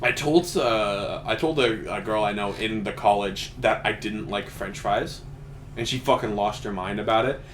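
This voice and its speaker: A man's voice: fairly low pitch, moderate pace, a bit bright, a little hiss or hum. A young man co-hosting a casual podcast, rambling and swearing as he tells stories, often laughing through them. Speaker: podcast co-host.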